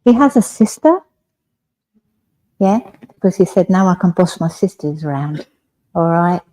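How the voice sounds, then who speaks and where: A woman with an English accent speaks as a medium, addressing her listeners directly in a soft, reassuring way. Her voice sits somewhat low for a woman and has a warm, mellow tone, and she keeps asking "all right?" as she goes. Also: expressive, unhurried, low-quality recording. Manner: gentle, reassuring, often asks "all right?". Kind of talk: mediumship demonstration. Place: village hall.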